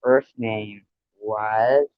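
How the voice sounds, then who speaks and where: At home with his cat, a man hosts a casual trivia livestream, chattily teasing players and tallying points. He talks extremely slowly in a fairly low, fairly even voice, and the dull, dry lo-fi audio has no echo.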